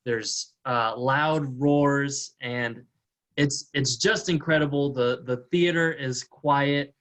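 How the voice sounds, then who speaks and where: A man of middle pitch, chatting on a video call. He tells a silly story in a laid-back, playful way. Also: steady tone, slow, fairly bright tone, rough recording. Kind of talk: casual chat on a video call.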